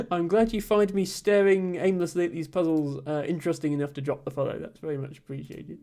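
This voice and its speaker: A woman from Somerset in southwest England, with a generic and slightly posh southern English accent, streams herself solving puzzles, thinking aloud, rambling casually and reading chat out loud. Her voice is on the low side, dark and gravelly, fairly even in intonation and a little fast.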